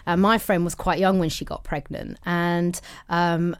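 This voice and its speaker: A woman co-hosting a podcast in casual chat, chatty and quick to react. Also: on the low side, fairly even intonation, clear, resonant tone, no echo, studio quality. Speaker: podcast co-host.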